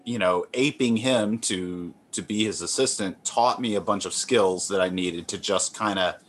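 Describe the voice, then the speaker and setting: A man with a somewhat low voice speaks as a guest in a relaxed interview. He rambles gently and runs his thoughts through plenty of fillers, restarts and modest asides. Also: normal speed, slight background noise. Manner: rambling, self-deprecating, many fillers and restarts. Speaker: comic artist guest.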